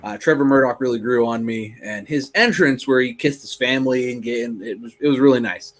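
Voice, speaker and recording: A man's voice: medium pitch, a little fast. Rambling man, casual podcast co-host. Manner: rambling, many restarts and fillers. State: bit tongue. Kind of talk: casual chat.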